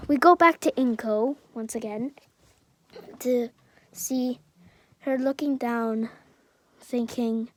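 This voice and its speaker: A woman's voice: a little high, slow pace, pauses often, darkish tone. A woman improvising a fan-fiction story aloud, hesitant and full of fillers and self-corrections.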